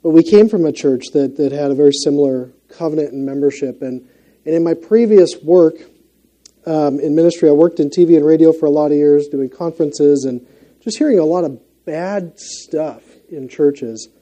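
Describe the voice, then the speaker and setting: A middle-aged man with a Minnesota accent preaching a sermon. His voice sits a little high yet sounds very dark and mellow. He talks in an earnest, conversational way and often pauses on fillers. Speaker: guest preacher.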